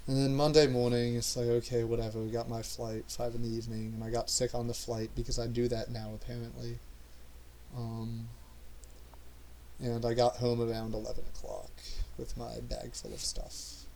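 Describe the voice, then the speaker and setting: A man's voice: mid-range voice, moderate pace, creaky, dark tone, a little hiss or hum, rough recording. A man chatting casually as a podcast co-host, rambling and trailing off with lots of fillers. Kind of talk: casual chat.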